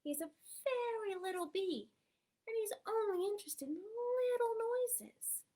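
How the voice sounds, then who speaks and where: A woman's voice: very high voice, expressive, measured pace, mellow, pitched above the performer's own voice. A woman voicing a wise old male groundhog who kindly instructs a young rabbit. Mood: confiding. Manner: confiding, instructive.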